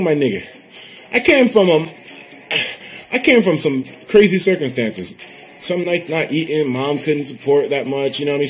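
A man hosting a casual livestream in a slightly raised voice that leaps up and down with energy. He swears freely and reacts to viewer messages as they come in. Soft music plays faintly behind him. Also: on the high side. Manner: animated, swearing, bursts into laughter; reads out viewer donation messages.

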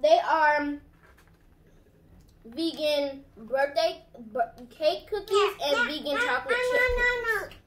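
A woman's voice: sits high, animated, slow pace. Young woman chatting in an echoey room. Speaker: vlog participant. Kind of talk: casual taste-test chat. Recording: echoey room with faint noise.

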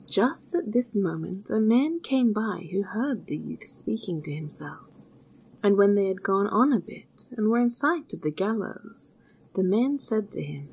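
Folk tale narrator, a woman with a husky voice and a slow, measured telling. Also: medium pitch, lively intonation, a little mellow. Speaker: storyteller.

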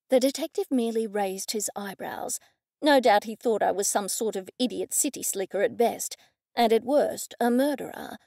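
A woman reading a first-person audiobook in a lively, expressive way. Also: medium pitch, normal speed, vocal fry, no room sound, clean studio sound. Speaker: audiobook narrator.

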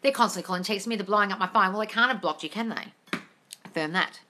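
Blunt, bright-voiced woman hosting a live Q&A. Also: medium pitch, quick pace, slight background noise. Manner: blunt, swears freely, calls listeners darling. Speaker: manifesting coach hosting a live Q&A. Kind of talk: casual livestream chat reading viewer comments. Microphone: phone livestream.

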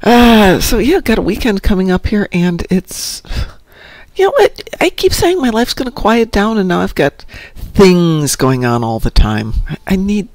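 A man's voice: high-pitched, sing-song, a little slow, no room sound. A middle-aged man hosting a casual morning show, rambling and poking fun at himself. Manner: rambling and self-mocking.

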